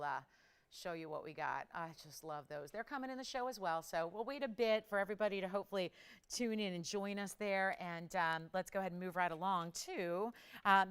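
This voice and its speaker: A woman hosting a live TV jewelry shopping show. She gives an upbeat, chatty sales pitch and keeps it moving. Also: a bit bright, clear, resonant tone. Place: TV studio.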